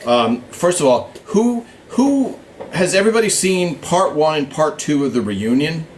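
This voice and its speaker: A man's voice: on the high side, sing-song, unhurried, a little hiss or hum. A man hosting a casual live Q&A stream from a small studio, chatting with viewers, greeting them by name and thinking aloud with plenty of fillers. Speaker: show writer hosting a live fan Q&A stream. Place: small studio with a blue backdrop, in Hollywood.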